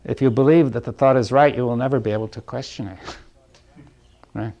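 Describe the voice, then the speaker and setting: Halting, thoughtful man giving a talk. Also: medium pitch, fairly even intonation. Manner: halting, restarts phrases, keeps checking in with the listener; soft chuckles between points. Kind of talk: reflective spoken lecture.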